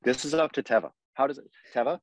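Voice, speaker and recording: An American man co-hosting a podcast in casual chat, animated and quick to act out mock dialogue. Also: medium pitch, no room sound. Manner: animated, acts out mock dialogue, laughs often. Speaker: podcast co-host.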